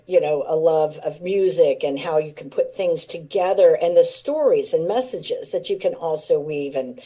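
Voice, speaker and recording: A woman's voice: lowish voice, dark tone, rough recording. A woman in her sixties, a veteran radio personality, telling candid stories from her career in an interview, laughing now and then. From United States. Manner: candid, laughing, acts out quoted voices. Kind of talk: storytelling interview.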